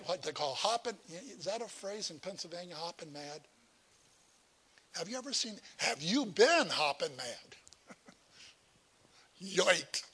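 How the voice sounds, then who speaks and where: A middle-aged man preaches with a bright, forward tone and a slightly raised pitch. He takes his time, unhurried and folksy, talking to the congregation as if in conversation. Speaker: pastor. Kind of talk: sermon.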